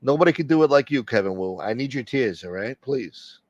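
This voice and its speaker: A man's voice: mid-range voice, lively intonation, a little fast, a little mellow, dry recording, muffled recording. A man hosting a casual live stream, joking and swearing as he greets viewers by name and asks for support. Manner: profane, joking, reading out viewer names. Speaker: livestream host.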